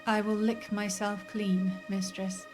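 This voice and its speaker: A woman's voice: mid-range voice, level tone, slow, music in the background, natural voice. A woman reading the lines of a polite, deferential robot servant in a story game. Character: dutiful robot servant, deadpan.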